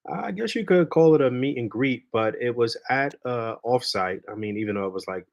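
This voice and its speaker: A man hosting a podcast, chatting in a relaxed, laid-back way, swearing freely and trailing off with fillers. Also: medium pitch, a little fast, vocal fry, muffled recording. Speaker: podcast host. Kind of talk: casual chat.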